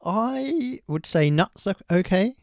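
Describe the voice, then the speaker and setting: A man co-hosting a casual chat, teasing with deadpan dark jokes. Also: high voice, slow, gravelly, dry recording, clean studio sound. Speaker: podcast co-host.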